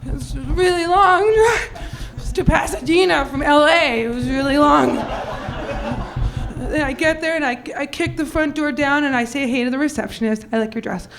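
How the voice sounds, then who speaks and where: A young woman doing a stand-up comedy set, rambling in a ditzy, valley-girl way and acting out her friends in quick quotes. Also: sits high, noisy background.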